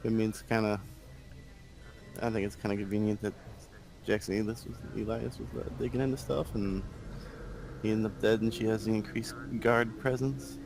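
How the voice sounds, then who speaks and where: A man's voice: on the low side, fairly even intonation, moderate pace, vocal fry, pauses often, background noise. A man playing a tabletop game, chatting casually and speculating aloud about the plot. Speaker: player. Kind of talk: casual chat among tabletop players.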